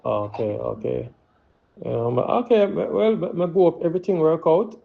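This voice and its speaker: A man's voice: on the high side, very animated, gravelly. A man with a Jamaican accent, hosting a casual live-stream chat and asking plain, direct questions. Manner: plain-spoken, quick follow-up questions. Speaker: host. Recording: dull lo-fi call audio.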